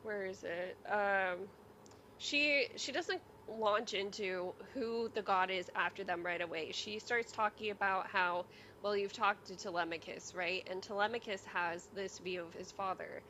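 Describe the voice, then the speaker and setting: A woman's voice: mid-range voice, a little slow, bright, forceful tone, slight background noise, low-quality recording. A woman co-hosting a casual podcast, chatting loosely with lots of fillers and reading book quotes aloud. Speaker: podcast co-host. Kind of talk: casual podcast chat about a novel.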